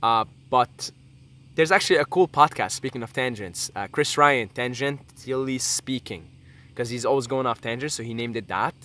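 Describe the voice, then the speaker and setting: A man's voice: medium pitch, moderate pace, fairly bright tone. A young man talking to his camera in a casual vlog, earnest and rambling, swearing freely and drifting off on tangents. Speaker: YouTuber.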